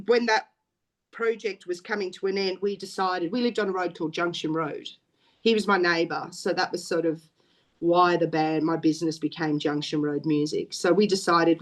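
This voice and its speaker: A middle-aged woman with an Australian accent, a guest in an interview, rambling through stories with restarts. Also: medium pitch. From Wales. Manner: rambling and chatty, with frequent restarts and laughs. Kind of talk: casual storytelling chat.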